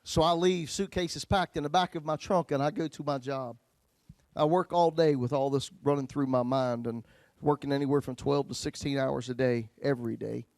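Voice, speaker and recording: A man's voice: mid-range voice, fairly even intonation, normal speed, a little mellow, no echo. Male pastor, testimony sermon, folksy, big dynamic swings, mid voice, dry.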